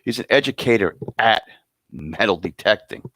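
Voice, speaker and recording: A man's voice: on the low side, expressive, normal speed, a bit bright, dry recording. A man hosting an awards show, rambling and joking casually between announcements. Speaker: host presenting awards.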